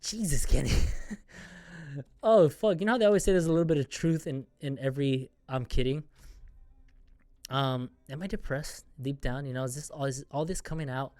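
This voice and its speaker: A man's voice: mid-range voice, moderate pace, darkish tone, dry recording. A man hosting a solo podcast, venting in a rambling, profane, self-mocking casual rant. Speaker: podcast host.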